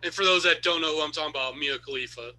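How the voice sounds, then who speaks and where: A man's voice: on the high side, very fast, slight background noise, rough recording. A man co-hosting a casual sports chat, joking and laughing through his points. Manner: lively, jokey, breaks into laughter. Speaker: podcast co-host.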